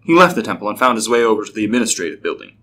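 A man narrating a scripted story in a steady, even way. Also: on the low side, very fast, slight background noise.

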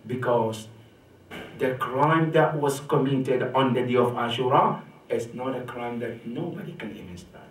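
Emphatic preacher man in an echoey hall. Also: a little slow. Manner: emphatic, rising sharply on key points and dropping low on quotations; repeats rhetorical "right?" to the congregation. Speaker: sheikh giving a religious lecture. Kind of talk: sermon. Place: mosque or community center hall. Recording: echoey hall, mic from a distance.

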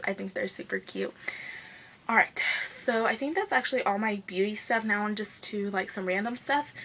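A young woman chatting quickly and gushingly in a casual favorites vlog, filling her talk with "like" and "guys". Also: medium pitch, a bit bright, a little hiss or hum, rough recording. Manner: gushing, fast-talking, says "like" and "guys" a lot. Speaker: beauty vlogger.

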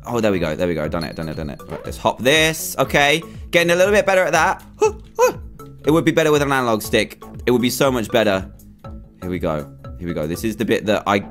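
Excitable young man commenting on a game. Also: medium pitch. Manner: animated, exclaims and groans at near-misses. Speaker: gaming YouTuber. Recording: faint game music behind.

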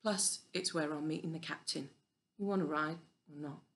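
A woman's voice: deep voice, fairly even intonation, normal speed, a bit bright. A woman voicing an easygoing horned male alien who works as a ship's engineer, talking in a laid-back, slangy way.

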